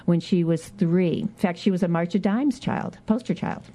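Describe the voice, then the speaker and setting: This is an older woman from Michigan with a Midwestern accent, speaking as a radio guest. Her voice sits low and mellow, and she talks in an easygoing, chatty way, full of fillers and small laughs. The sound comes from a radio studio. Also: normal speed. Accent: Midwestern American. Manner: chatty and warm, laughs often, many fillers and restarts. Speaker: guest, outgoing city council member. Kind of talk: radio interview, reminiscing.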